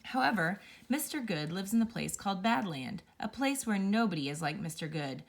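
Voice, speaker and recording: A woman reading a children's picture book aloud, telling it with playful, expressive storytelling. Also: medium pitch, moderate pace, vocal fry. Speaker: storybook reader.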